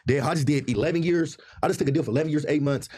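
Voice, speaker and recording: Fast-talking husky man in his thirties. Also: on the high side, dry recording, clean studio sound. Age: 30s. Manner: rapid, repetitive, animated storytelling. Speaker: podcast guest. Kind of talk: heated casual talk.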